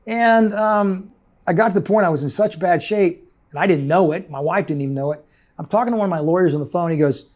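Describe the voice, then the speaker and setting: A man's voice: sits high, fast talker, a little mellow. A middle-aged man from the United States, an entrepreneur telling his story intensely in an interview and acting out the people he quotes. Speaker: guest entrepreneur.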